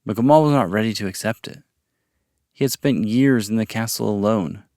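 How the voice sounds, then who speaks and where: A man narrating a story podcast in a calm, measured reading voice. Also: lowish voice, no echo, clean studio sound. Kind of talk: audiobook-style story narration.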